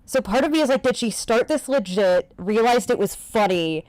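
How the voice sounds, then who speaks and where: A woman's voice: on the high side, moderate pace, no room sound, rough recording. A woman streaming from home, chatting casually and restarting her sentences as she goes. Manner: relaxed, chatty, trails into restarts. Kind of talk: casual chat.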